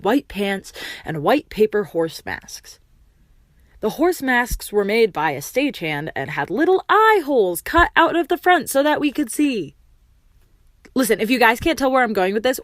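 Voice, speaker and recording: A woman's voice: on the high side, dry recording, studio quality. A woman telling an embarrassing story in a casual, chatty, self-deprecating way.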